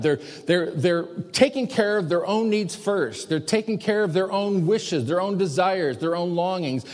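A man preaching from the pulpit of a church, his pitch leaping and falling as he lands each point. His voice sits a little high for a man and rings with a long hall reverb. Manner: preaching with emphatic raised commands. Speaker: pastor. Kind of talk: sermon.

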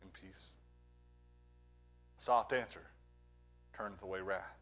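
A man preaching a sermon as pastor, earnest, moving between emphatic points and hushed, quiet lines. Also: sits low, fairly even intonation, slow pace, soft background music.

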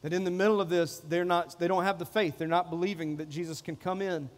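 A man's voice: high voice, steady tone, fast talker, long reverb tail. A man preaching a sermon as pastor, repeating phrases and acting out the people in the passage. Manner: preaching with repetition, acting out quoted voices.

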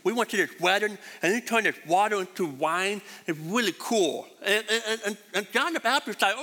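A man's voice: high-pitched, moderate pace, few pauses. A man preaching a sermon as pastor, repeating his points with emphasis in a church hall. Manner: repetitive, emphatic, animated. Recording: reverberant hall.

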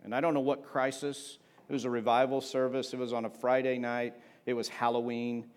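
A man delivers a sermon in a loose, conversational way, dropping in jokes and turning to the congregation for an amen. His voice sits at an ordinary middle pitch for a man, and his preaching stays relaxed and personal. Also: fairly quick. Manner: conversational preaching with humor, asking the congregation for amens. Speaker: pastor.

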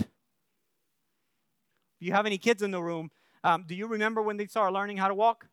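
Brief: male pastor preaching, very high smooth voice, earnest and conversational, dry close recording. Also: steady tone, fairly quick, pauses often, fairly bright tone, no room sound. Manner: earnest, keeps checking in with the congregation, frequent restarts. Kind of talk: sermon.

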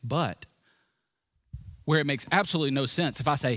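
A man's voice: fairly high pitch, moderate pace, fairly bright tone, no room sound. A man preaching a sermon in an earnest, conversational way, telling vivid stories. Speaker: pastor.

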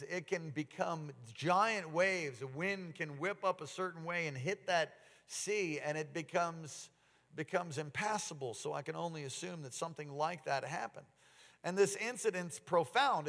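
Animated preacher in a reverberant hall. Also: male voice, a little high. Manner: animated storytelling, rising to excited outbursts. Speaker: pastor. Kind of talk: sermon.

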